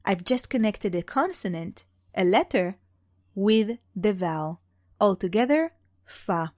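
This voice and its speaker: Slow, patient woman teaching a language. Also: medium pitch, expressive, a little mellow, no echo, clean studio sound. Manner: patient, drawn-out demonstrations of sounds. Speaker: Hebrew teacher. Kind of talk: explanatory beginner lesson.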